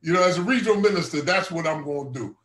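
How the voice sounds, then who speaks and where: Man with a high voice telling his testimony, earnest and chatty, keeps saying brother. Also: racing, fairly bright tone, reverberant, rough recording. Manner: earnest, conversational, keeps addressing the listener as brother. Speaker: student regional minister. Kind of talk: testimony storytelling.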